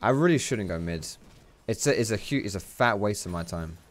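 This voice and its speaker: Chatty gamer, lowish voice. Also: male voice, a little fast. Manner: chatty, excitable, swears freely. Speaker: gaming YouTuber. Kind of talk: live gameplay commentary.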